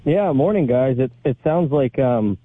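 A man calling in to a radio show over a narrow, phone-like line. He chats in a relaxed, joking way, pausing and restarting a little. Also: medium pitch, slightly rough, no echo. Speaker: caller. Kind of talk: casual call-in chat.

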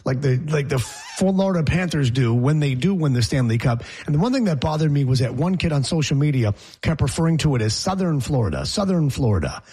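A man's voice: a little high, animated, fairly quick, hardly any pauses, warm tone, slightly rough. A man hosting a sports talk show, talking casually in a brash, rambling, joking way.

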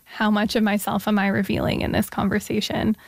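A woman's voice: mid-range voice, flat delivery, brisk, gravelly, dry recording, clean studio sound. A woman interviewing a guest, encouraging and thoughtful as she asks her questions. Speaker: interviewer, host. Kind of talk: casual interview conversation.

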